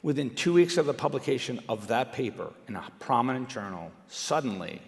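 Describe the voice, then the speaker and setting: A middle-aged man giving an animated, conversational public speech, swinging between loud emphatic bursts and quiet asides. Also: mid-range voice, brisk, vocal fry. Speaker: speaker at a live event. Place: large indoor venue. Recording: reverberant hall.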